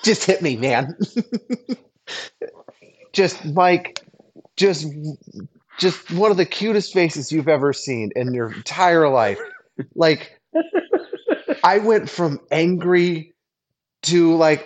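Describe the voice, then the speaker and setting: A man's voice: on the high side, slow pace, pauses often. A man telling a story in casual podcast chat, acting out quoted lines and laughing often. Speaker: podcast guest.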